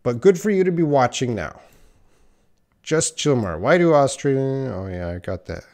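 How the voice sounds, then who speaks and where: A man's voice: mid-range voice, sing-song, normal speed, darkish tone. A man teaching English on a live stream, reading out viewer questions and answering them bluntly. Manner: reads viewer questions aloud and corrects them, blunt and direct.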